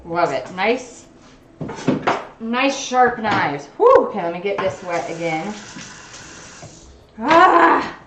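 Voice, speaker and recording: A woman's voice: on the low side, takes it slowly, pauses often, roomy sound, background noise. A woman chatting casually on a cooking livestream, narrating what she does as she chops in her home kitchen. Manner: chatty, talks while chopping, self-narrating. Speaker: cooking streamer.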